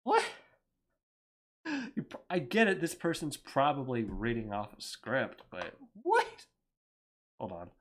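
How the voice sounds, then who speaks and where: A man's voice: mid-range voice, very animated, a little slow. A man ranting on a livestream, heated and profane, talking in a rambling way. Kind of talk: angry livestream rant.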